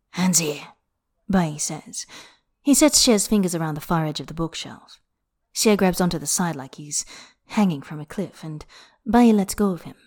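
Woman softly reading erotic fiction. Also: lowish voice. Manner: soft, intimate, at times whispered. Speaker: narrator.

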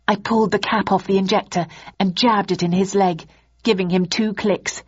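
Husky woman reading an audiobook. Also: mid-range voice, moderate pace. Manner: steady storytelling, voicing characters. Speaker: audiobook narrator. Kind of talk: first-person audiobook narration. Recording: dull lo-fi audiobook recording.

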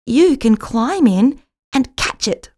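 A bright little girl kitten, gentle and easily frightened, with a high voice that leaps around eagerly, as a woman reads her. She talks slowly and kindly, straight out of a children's storybook. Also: expressive. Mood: sensible. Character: timid gentle young female kitten. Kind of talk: storybook reading.

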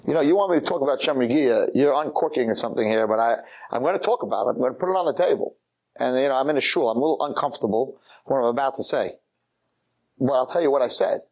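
A man giving a rabbi's lecture in a synagogue, telling a story with lively, animated delivery. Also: medium pitch, quick pace. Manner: animated, acts out every character.

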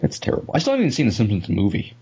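Man, husky, profane ranting, lively pitch, muffled recording. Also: very fast. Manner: profane, ranting, laughs often. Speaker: podcast co-host. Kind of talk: casual chat.

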